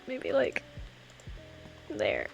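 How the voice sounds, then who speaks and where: A woman's voice: drawn-out words, faint music behind. A woman streamer chatting casually while playing a game, thinking aloud and murmuring to herself.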